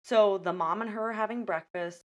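Speaking at a moderate pace with a mid-range voice, a woman recaps a film on her podcast in casual chat. She's a lively storyteller who goes scene by scene and voices the characters' lines.

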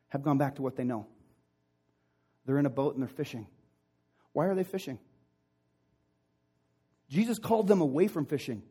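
A male pastor delivering a sermon, retelling a story with impassioned emphasis that drops to hushed, intimate passages. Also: fairly high pitch, husky.

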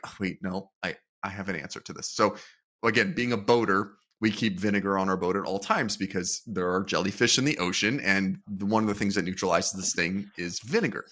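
A man co-hosting a podcast, telling a story in a relaxed, self-deprecating way. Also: low-pitched. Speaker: podcast co-host. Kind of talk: casual chat.

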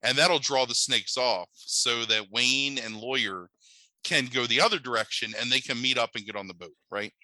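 A man tells the plot of a cheesy film in a rambling, profane, disbelieving way, full of filler "like"s. His voice is very bright and forceful. The sound is dry and close. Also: mid-range voice, moderate pace, no echo, rough recording. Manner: rambling, profane and incredulous, heavy on "like". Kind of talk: casual movie recap.

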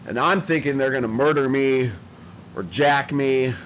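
Young man, casual storytelling, profane, self-mocking, mid-pitched voice, faint background noise. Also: a little slow, a bit bright, poor audio.

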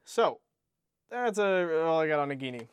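A man's voice: a little high, expressive, normal speed, clear, resonant tone, no room sound, studio quality. A man co-hosting a casual book-discussion podcast, rambling, restarting sentences and swearing casually. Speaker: podcast co-host.

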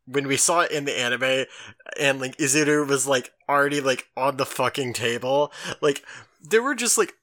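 A man's voice: mid-range voice, moderate pace, bright, forceful tone. A man in casual podcast chat, reacting with enthusiasm and firm emphasis.

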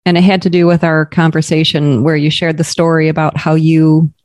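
A woman co-hosting a podcast, asking curious, gentle questions in casual conversation. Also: low-pitched, level tone, fairly quick, no room sound. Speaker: podcast co-host.

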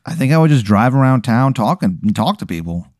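A man co-hosting a comedy podcast, playing along with a hypothetical through short, deadpan reactions. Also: medium pitch, fairly quick, no room sound, studio quality. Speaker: podcast co-host. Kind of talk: casual comedy podcast chat.

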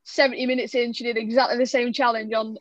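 Higher-voiced woman on a dull lo-fi line. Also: fast talker, no echo. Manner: lively storytelling, laughs. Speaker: podcast guest. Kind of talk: casual chat. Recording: dry, dull lo-fi.

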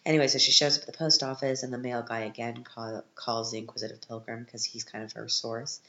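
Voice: mid-range voice, little pitch movement, fast, pushed and bright, roomy sound, muffled recording. A podcast host giving a casual, sarcastic recap of a film, sounding exasperated with it.

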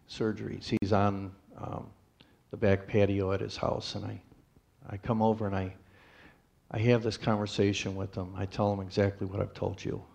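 A man gives his testimony in a church in a low, rough, gravelly voice. He tells his story plainly, pausing and restarting as he goes. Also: a little mellow. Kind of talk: personal testimony to a congregation.

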